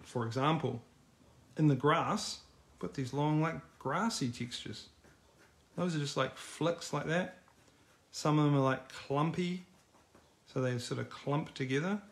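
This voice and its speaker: A man's voice: fairly high pitch, a little slow, long pauses. A middle-aged man teaching a live online drawing class in a casual, encouraging, chatty way. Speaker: art teacher.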